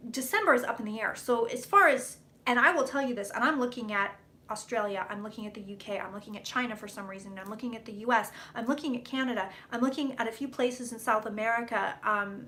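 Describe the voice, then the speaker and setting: A young woman psychic talks to her live stream audience in loose, run-on bursts, full of swearing and blunt asides. Her voice sits high and sounds bright and sharp. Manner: blunt, profane, rambling and fast. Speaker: psychic doing live predictions.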